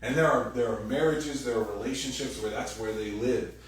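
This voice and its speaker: A man giving a sermon as pastor, animated and conversational, acting out quoted voices loudly. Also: mid-range voice, brisk. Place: church hall. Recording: very echoey room, distant mic, faint noise.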